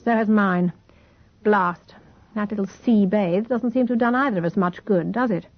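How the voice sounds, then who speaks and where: A woman reading an audiobook, voicing a calm, protective man who speaks in a steady, reassuring way. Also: medium pitch, moderate pace, no room sound, dull audio, lightly acted. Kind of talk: audiobook character voice.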